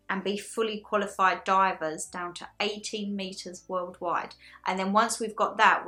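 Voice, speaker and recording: A woman of thirty vlogging in a casual, excitable way, telling her story with lots of "like" and quoted back-and-forth. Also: medium pitch. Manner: excitable, chatty storytelling with many "like"s. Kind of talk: casual chat to camera.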